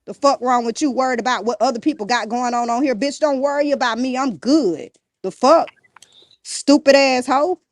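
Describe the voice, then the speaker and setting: A woman's voice: high-pitched, moderate pace, no room sound, clean studio sound. A woman guest on a podcast, ranting bluntly and defiantly, cursing and throwing insults nonstop. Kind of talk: heated rant in an interview.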